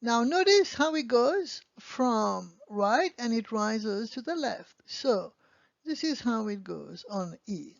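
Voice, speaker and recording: A French teacher gives a beginner language lesson, patiently explaining and often checking in with "okay?" Her voice is on the high side, slow, and creaky with big pitch swings, and the recording sounds dull, lo-fi, and dry.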